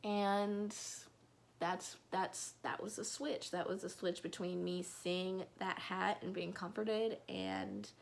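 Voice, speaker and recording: Young woman vlogging a storytime, slow drawl with a gravelly edge, rambly, slips into whispers. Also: lowish voice, expressive. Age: young adult. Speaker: vlogger telling a personal story. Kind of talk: casual storytime chat.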